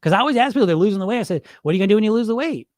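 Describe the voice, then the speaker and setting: A middle-aged man hosting a weight-loss podcast, talking bluntly and with swearing in an animated, unscripted monologue, laughing often and repeating his words. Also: high-pitched, rapid-fire, no echo, clean studio sound.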